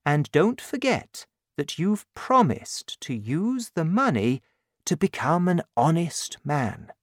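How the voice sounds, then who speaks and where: A storybook reader voicing a kindly, calm old male bishop who speaks gently and slowly. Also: medium pitch, no echo, clean studio sound, pitched above the performer's own voice. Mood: gentle.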